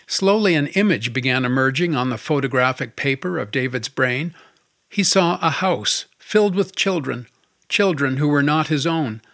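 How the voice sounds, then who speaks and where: A man narrating an audiobook in a calm, steady storytelling manner. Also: medium pitch, no echo, clean studio sound.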